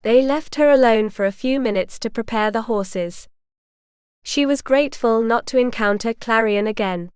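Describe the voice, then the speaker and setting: A woman narrating a historical romance audiobook in a measured, even storytelling manner. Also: on the high side, clear, resonant tone, no room sound, clean studio sound.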